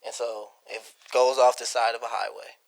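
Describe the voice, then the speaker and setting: A man co-hosting a podcast in casual chat, laid-back and telling long jokes with slow pauses. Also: medium pitch, flat delivery, gravelly, low-quality recording. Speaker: podcast co-host.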